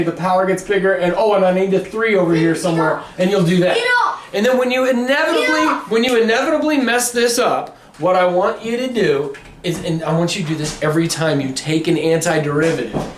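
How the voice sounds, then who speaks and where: A man's voice: high-pitched, brisk, recorded from a distance, a loud crowd. A man lecturing on calculus in a chatty, jokey way, correcting himself as he works through examples at the board. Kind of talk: classroom lecture. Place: classroom. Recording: echoey classroom with background noise.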